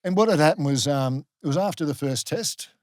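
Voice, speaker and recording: Aussie bloke telling a long story on a podcast, lots of um and like, dry sound. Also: male voice, on the high side, a little fast, dry recording. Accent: Australian. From Australia. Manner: animated storyteller, many fillers and restarts. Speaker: guest, former rugby league player. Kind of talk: casual storytelling in a podcast interview.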